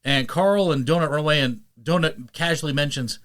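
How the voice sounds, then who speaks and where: A man hosting a podcast and chatting casually, animated and quick to slip into playful voices; he narrates audiobooks. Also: on the high side. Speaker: podcast host. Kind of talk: casual chat.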